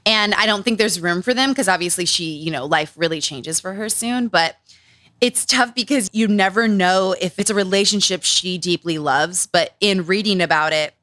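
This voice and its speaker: A woman's voice: on the low side, normal speed, a bit bright, dry recording. A woman hosting a podcast, telling stories in a chatty, casual way, full of "like". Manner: chatty storyteller, heavy use of "like". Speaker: podcast host. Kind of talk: casual book chat.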